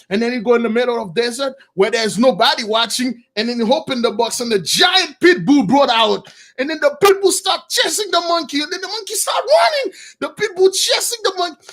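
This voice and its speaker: A man preaching through an animated moral story, excitable and bursting into shouts, in simple non-standard English. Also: very high-pitched, fairly quick.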